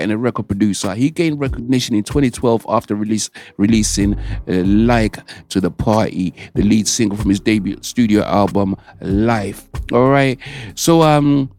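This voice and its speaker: A man's voice: fairly low pitch, darkish tone. A man hosting a radio show, chatting casually and rambling, often repeating and correcting himself. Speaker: radio host.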